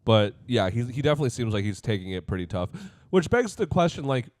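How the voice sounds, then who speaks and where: A man's voice: mid-range voice, fast, no room sound, studio quality. A young man co-hosting a casual podcast, joking and swearing in loose chat. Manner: animated, jokey, swears casually. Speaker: podcast co-host.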